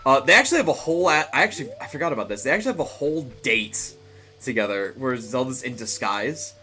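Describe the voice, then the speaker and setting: A man's voice: mid-range voice, very animated, fast talker, bright, forceful tone. Chatty male streamer, rambling casual commentary over faint game music. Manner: chatty, rambling, laughs often, many fillers.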